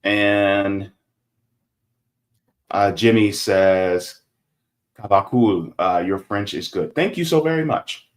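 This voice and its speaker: A man hosting a casual livestream, reading viewer comments aloud and chatting, growing loud and animated when heated. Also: on the low side, slow pace, long pauses. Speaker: livestream host.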